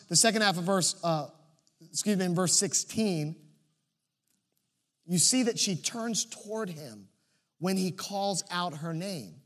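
A pastor in his thirties delivers a sermon with a notably high voice for a man. He tells stories at length, dropping to hushed, quiet phrases and then rising to emphatic, louder stretches as he drives each point home. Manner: storytelling, swings between soft and emphatic.

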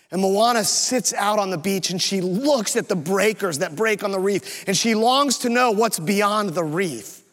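A man's voice: high voice, a little slow, few pauses, fairly bright tone. A man preaching a sermon as pastor, telling a story in an earnest, emotional way, recorded in a church sanctuary. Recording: long reverb of a church hall.

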